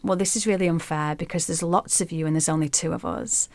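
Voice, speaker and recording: A woman's voice: low voice, fairly even intonation, a little fast, darkish tone, no echo. A woman doing petulant, arrogant demon kings. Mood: dismissive. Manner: offhand, petulant.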